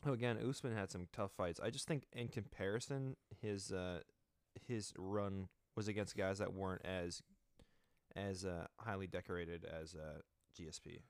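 A man with a lowish voice talks in a relaxed way on a podcast and keeps softening his own opinions. The sound is dry and close to the mic. He is the show's co-host in casual chat. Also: normal speed, clean tone, no echo. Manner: laid-back, hedging opinions.

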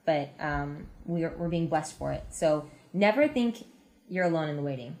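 A woman's voice: deep voice, moderate pace, darkish tone. A young engaged woman, a guest on a friend's faith podcast, retelling Bible stories in an earnest, chatty way. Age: young adult. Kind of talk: casual faith chat.

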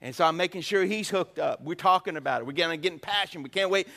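Middle-aged pastor, male, high bright voice, folksy joking sermon with call-and-response. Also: fast talker, vocal fry.

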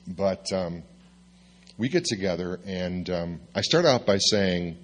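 A male pastor telling a personal story in a sermon, lively and confessional, with self-mocking asides. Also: sits low, slow pace.

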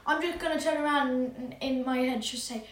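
Woman, high voice, casual tabletop player, echoey room. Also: steady tone, a little fast. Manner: casual, hesitant with fillers. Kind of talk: playing a tabletop game.

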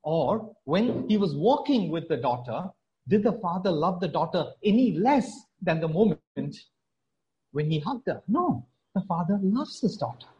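A man preaching a sermon in an earnest, emphatic way, repeating key phrases and moving between soft, low passages and stronger lines. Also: big pitch swings, a little slow, lo-fi sound.

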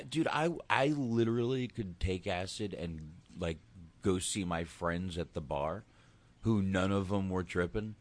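A man in his thirties in casual chat, a laid-back, rambling and profane storyteller. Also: sits low.

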